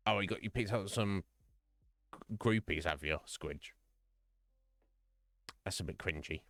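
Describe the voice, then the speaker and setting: Man, streamer host, rambling casual chat, joking, fairly low voice, dry close sound. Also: measured pace, vocal fry, long pauses, a bit bright, dry recording.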